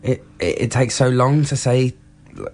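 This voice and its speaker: A man's voice: medium pitch, flat delivery, a little mellow, natural voice. A man doing a tongue-tied lovestruck teen girl. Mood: awkward. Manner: halting, stumbling over words. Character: awkward lovestruck teenage human girl.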